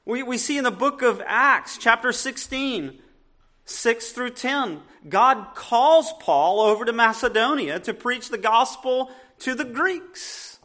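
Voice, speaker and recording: A man's voice: extremely high pitch, expressive, slow pace, bright, forceful tone. A man with a Southern US accent preaching a sermon as a pastor, earnest and emphatic, often restarting his sentences.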